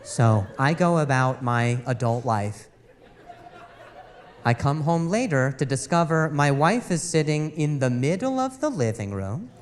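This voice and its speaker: A male stand-up comedian telling an exasperated story on stage, animated and stammering over repeated words, into a handheld mic. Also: a little high, measured pace, long reverb tail.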